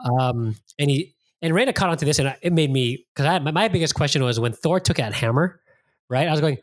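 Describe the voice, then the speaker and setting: A man hosting a casual podcast chat, talking with animated energy, swearing freely and acting out his own reactions. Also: a little high, brisk, dry recording. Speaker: podcast host.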